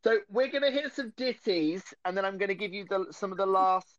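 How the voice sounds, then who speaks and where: A man's voice: sits high, fairly quick, dry recording, lo-fi sound. A man with an Essex accent hosting a podcast in casual chat, playful and laughing often. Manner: giggly, playful, frequent laughter. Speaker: podcast host. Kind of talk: casual live-stream chat.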